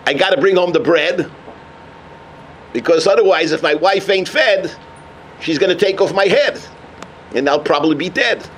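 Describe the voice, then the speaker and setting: A man voicing a streetwise thief, speaking lower and bluntly in rhymes. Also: moderate pace, long pauses, a bit bright, slight background noise, poor audio. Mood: defensive.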